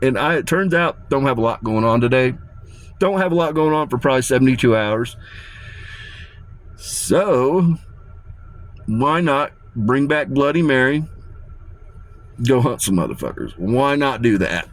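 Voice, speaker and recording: A man's voice: medium pitch, lively intonation, measured pace, long pauses, no echo. A man delivering a rambling, profane and menacing rant to his viewers, often repeating himself. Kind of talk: ranting monologue to camera.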